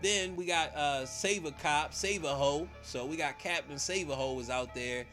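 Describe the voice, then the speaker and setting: Male streamer, comedic movie recap, slang-heavy, animated storytelling, light music bed. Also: on the high side, moderate pace. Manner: slangy, animated, slips into character voices.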